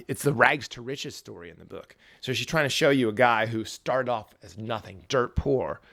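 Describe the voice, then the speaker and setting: A man's voice: medium pitch, creaky. A man hosting a podcast, talking casually and profanely about a book, with frequent restarts. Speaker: podcast host.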